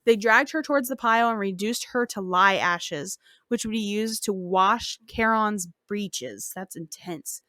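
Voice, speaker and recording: A woman's voice: medium pitch, measured pace, hardly any pauses, pushed and bright, no room sound, studio quality. A woman podcast host casually retelling a folk tale, cursing and joking as she goes. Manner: profane, slangy and joking.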